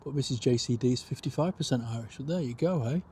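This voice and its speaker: A man's voice: medium pitch, fast talker, dark tone, a little hiss or hum. A man hosting a live plane-spotting stream outdoors at an airport, calling arrivals and departures and chatting with viewers' comments.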